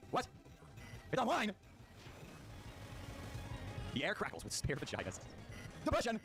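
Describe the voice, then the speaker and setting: Excitable high-voiced young man gaming. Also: unhurried. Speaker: video game player. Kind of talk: casual let's-play commentary, reading game text aloud. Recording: game music behind the voice.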